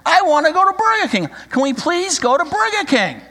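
A man's voice: sing-song, brisk, sharp tone, big-room sound, full character voice. A man doing a whiny little boy begging. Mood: whiny pleading. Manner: high-pitched begging. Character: whiny pleading four-year-old boy.

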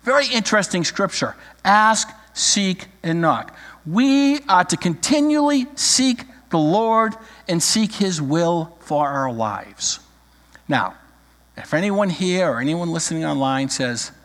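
A middle-aged man preaching a sermon, emphatic and slowing down to read scripture. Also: on the high side, lively intonation, fairly bright tone. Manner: emphatic, drawn-out scripture reading. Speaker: pastor. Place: church sanctuary. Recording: echoey church hall.

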